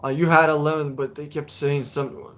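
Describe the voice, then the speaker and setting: A man's voice: fairly high pitch, flat delivery, normal speed, a bit bright. A man hosting a live question-and-answer stream, talking bluntly and casually, swearing and repeating words as he thinks. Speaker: livestream host answering car questions.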